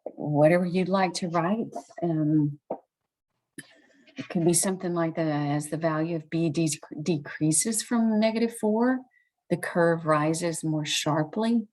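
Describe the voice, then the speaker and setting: A woman's voice: deep voice, a little slow, a little mellow, poor audio. A woman, teaching a recorded math lesson late at night, chatty and thinking aloud as she corrects herself.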